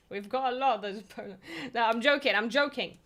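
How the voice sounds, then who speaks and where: A woman from Poland streams from home, chatting loosely with her viewers and answering their questions. Her voice is fairly high, unhurried and sharp-toned, full of fillers, swearing and easy laughter.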